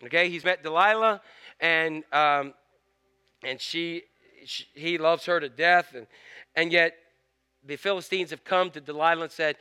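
A male pastor preaching a sermon in a lively storytelling manner, acting out scenes. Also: a little high, measured pace, pauses often, clear, resonant tone. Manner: animated storytelling, acts out scenes.

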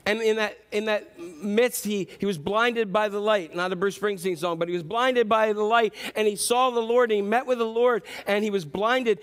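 A man with a notably high speaking voice delivers a sermon as pastor. He tells stories along the way and acts out the quoted lines. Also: steady tone, moderate pace, hardly any pauses. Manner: storytelling with acted-out quotes.

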